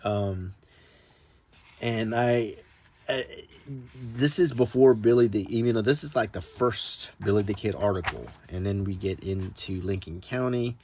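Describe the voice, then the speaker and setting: This collector's low-leaning, soft-spoken voice wanders through casual, unscripted talk about his books, with many ums and restarts and slight background noise. At times he reads old newspaper text aloud, measured and careful.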